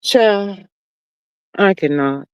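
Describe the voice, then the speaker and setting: A woman hosting a livestream, talking casually and animatedly, swinging between loud outbursts and low murmurs. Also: animated, extremely slow, clear, resonant tone, no room sound. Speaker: livestream host.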